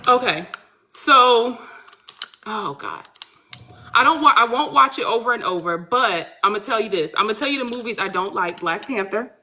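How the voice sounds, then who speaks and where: A blunt, animated woman chats casually as a guest author. Her voice sits somewhat high with a bright edge. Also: moderate pace. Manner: animated, blunt, swears freely. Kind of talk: casual podcast chat.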